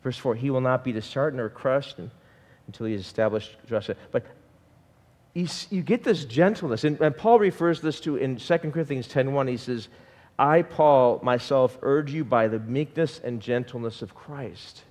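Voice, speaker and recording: A man preaching a sermon in an animated way and asking the congregation questions. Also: medium pitch, normal speed, in a large hall. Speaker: pastor.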